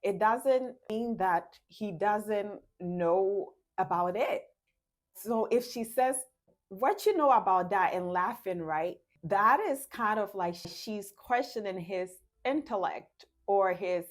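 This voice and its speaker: A woman giving casual relationship advice at an unhurried, easy pace. She laughs often and slips into little acted scenes between a couple. Her voice sits in a middle pitch.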